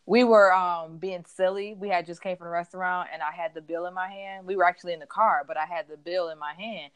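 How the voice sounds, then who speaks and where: Chatty woman, lowish voice. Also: brisk, clear, resonant tone, dry recording. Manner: chatty storyteller, animated retellings. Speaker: podcast co-host. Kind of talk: casual chat.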